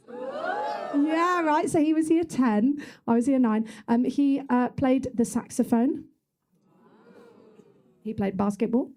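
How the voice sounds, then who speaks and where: A woman's voice: on the high side, dark tone. Chatty woman comic on stage. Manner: chatty, self-mocking, breaks into song. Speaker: stand-up comedian. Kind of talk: musical stand-up comedy. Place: small comedy club stage with audience. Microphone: wireless handheld mic. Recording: live room recording with music and crowd.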